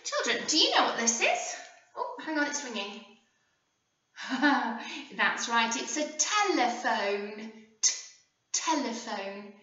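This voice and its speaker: English woman, infant teacher, sing-song phonics lesson; slow, swooping delivery, dull roomy recording. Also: on the high side. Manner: animated, sing-song, slow and clear with frequent gasps. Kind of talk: phonics lesson for young children. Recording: echoey room, voice from a distance, dull sound.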